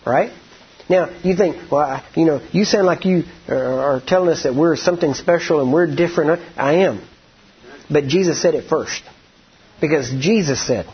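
Husky preacher man. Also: fairly high pitch, muffled recording. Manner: conversational, asks the congregation for agreement. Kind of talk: sermon.

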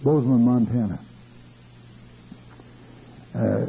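A man's voice: mid-range voice, fairly even intonation, slow, gravelly, dark tone, husky. A man preaching a fervent sermon, stopping often for hallelujahs and restarting his phrases. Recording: tinny lo-fi old recording.

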